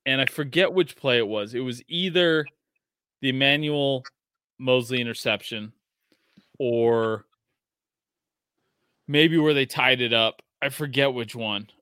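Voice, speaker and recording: A man in his thirties hosting a casual sports podcast, telling stories excitedly and swearing freely. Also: medium pitch, unhurried, long pauses, smooth, no echo, studio quality. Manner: excitable, profane storytelling. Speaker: podcast host.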